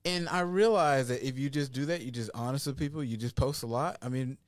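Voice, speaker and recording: A man's voice: mid-range voice, brisk, no echo, studio quality. A man who is a political candidate, talking earnestly in a casual panel chat, often repeating words as he starts a thought. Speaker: congressional candidate.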